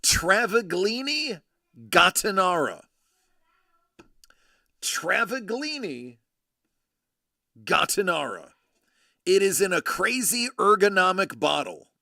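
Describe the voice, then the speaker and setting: A man with a fairly high, gravelly and bright voice talks slowly and enthusiastically about a wine bottle. His casual talk rambles, with lots of fillers and restarts. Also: no echo, clean studio sound. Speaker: host of a collecting channel.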